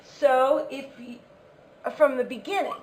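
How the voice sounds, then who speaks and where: A woman's voice: sits high, fairly even intonation, a little slow, darkish tone. A woman English teacher giving a lesson, patiently explaining, repeating key words and checking if students follow.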